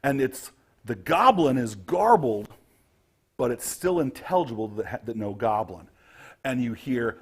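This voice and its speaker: A man's voice: mid-range voice, expressive, measured pace, slightly rough. A man running a tabletop game as game master, narrating the scene vividly.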